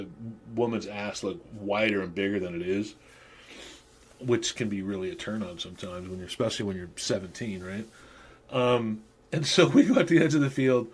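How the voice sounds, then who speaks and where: A man's voice: medium pitch, slightly rough. A man in his fifties, a podcast host, rambling through crude stories in casual monologue and laughing at himself.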